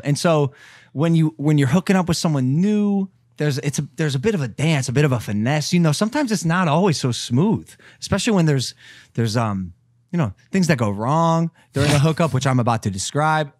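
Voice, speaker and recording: A man's voice: a little high, big pitch swings, fairly quick, no room sound, clean studio sound. A young man co-hosting a podcast who tells a rambling, crude, self-mocking story with many fillers. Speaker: podcast co-host. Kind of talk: casual storytelling chat.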